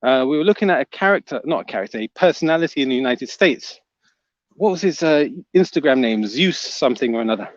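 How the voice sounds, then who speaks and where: A man's voice: medium pitch, lively intonation, quick pace, no echo, dull audio. A man hosting a livestream, reading viewer comments aloud and teasing the chatters. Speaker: livestream host reading chat. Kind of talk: casual livestream chat.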